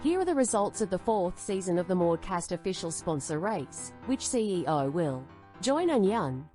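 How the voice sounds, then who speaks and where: A woman's voice: fairly low pitch, sing-song, moderate pace, mellow, faint music behind. A woman hosting a comedy podcast, announcing a mock award with theatrical, cheeky delivery. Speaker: podcast host.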